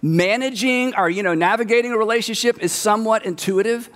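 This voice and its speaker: A man with a high voice preaches a sermon, animated and conversational, slipping into the voices of the people he describes. His words ring out with a long echo, like a big hall. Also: a little fast. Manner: animated, acts out quoted voices. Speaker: pastor.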